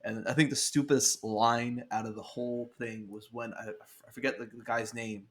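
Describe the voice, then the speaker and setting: A man's voice: mid-range voice, little pitch movement, moderate pace, a bit bright. A man in casual podcast chat, blunt and sweary, laughing often and stacking fillers as he reviews a film. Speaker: podcast guest film critic.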